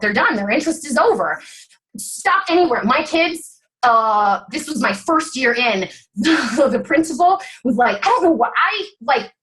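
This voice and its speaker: Fired-up high-voiced woman coaching sales. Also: a bit bright, poor audio. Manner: fired-up, emphatic, blunt. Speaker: guest speaker on a sales coaching call. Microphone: video call.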